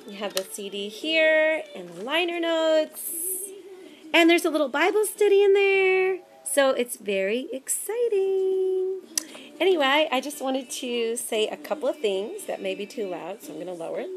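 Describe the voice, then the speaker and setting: Brief: high-voiced woman singer, bubbly and gushing, casual thank-you update with soft music behind. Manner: bubbly and effusive, says darling. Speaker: gospel recording artist. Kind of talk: casual video update to supporters. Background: faint music with a man singing.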